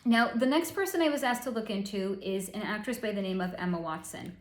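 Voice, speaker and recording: A woman's voice: mid-range voice, a little fast. A woman hosting a casual psychic reading, talking in a snarky, sarcastic, profane way. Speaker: psychic channel host. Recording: roomy echo.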